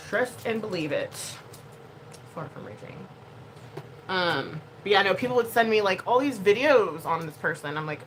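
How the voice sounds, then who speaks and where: A woman YouTuber talking casually to her camera in an animated, expressive way, moving between quiet asides and loud bursts. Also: mid-range voice, moderate pace, slight background noise, poor audio.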